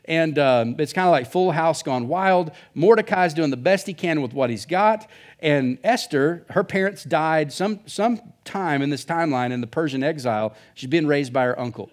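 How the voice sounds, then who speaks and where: A man's voice: fairly high pitch, animated, normal speed. A male pastor preaching a sermon in a casual, joking way, full of asides. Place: church.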